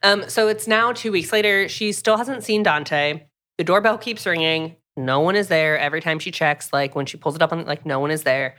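A young woman co-hosting a podcast, casually recapping a book in a lively storytelling way and acting out the quotes. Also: deep voice, normal speed. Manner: lively storyteller, acts out quotes, many fillers. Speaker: podcast co-host.

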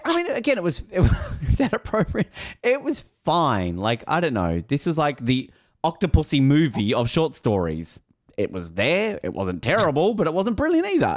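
Rambling man on a lively podcast. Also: mid-range voice, no room sound, clean studio sound. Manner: rambling, self-interrupting, laughs often. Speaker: podcast co-host. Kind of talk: casual chat.

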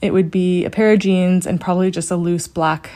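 A woman's voice: lowish voice, fairly even intonation, a little fast, mellow. Breezy woman podcast co-host. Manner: breezy, brief answers with laughs. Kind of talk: casual chat.

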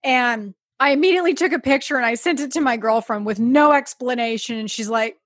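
A woman, hosting a podcast in casual chat, telling lively stories full of acted quotes, swearing and laughter. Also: a little high, fairly quick, hardly any pauses, no room sound, clean studio sound. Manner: animated storyteller, acts out quotes, swears, laughs often. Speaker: podcast host.

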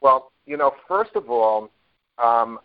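A man's voice: mid-range voice, animated, slow. Rambling man telling stories, muffled audio. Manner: rambling anecdotes with many fillers and restarts. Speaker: guest, network marketer. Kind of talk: casual storytelling interview. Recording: dull lo-fi audio.

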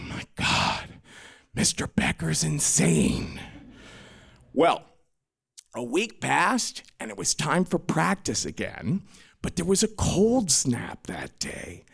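Male storyteller, theatrical and self-mocking, lively swooping pitch, gravelly edge. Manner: dramatic, self-mocking, acts out the voices of people. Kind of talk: live personal storytelling.

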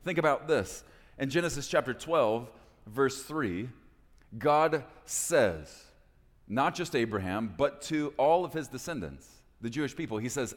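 Impassioned pastor preaching in a reverberant hall. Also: male voice, medium pitch, animated, unhurried. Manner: impassioned, swings from loud pleading to hushed intensity. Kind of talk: sermon.

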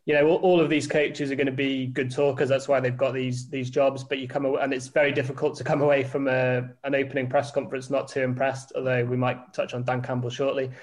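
Flat-toned man talking sport. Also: medium pitch, fast talker, few pauses. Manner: flat-toned, rambling, self-deprecating. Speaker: podcast co-host, editor. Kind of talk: casual sports podcast chat.

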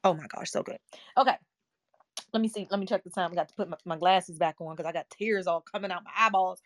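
A woman's voice: lowish voice, quick pace, no room sound, clean studio sound. A woman hosting an online audio room, telling a personal story in a passionate, emotional, earnest way. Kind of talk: passionate motivational talk.

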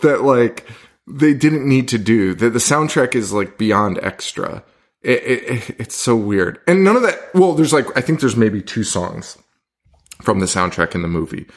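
A man's voice: mid-range voice, animated. Laid-back profane male podcast co-host. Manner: loose and profane, laughs often, quick bursts. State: hungover. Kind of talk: casual chat.

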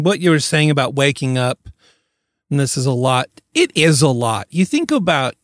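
A man's voice: medium pitch, no room sound, studio quality. A man hosting a podcast, recounting a case in casual chat and laughing easily. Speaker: podcast host.

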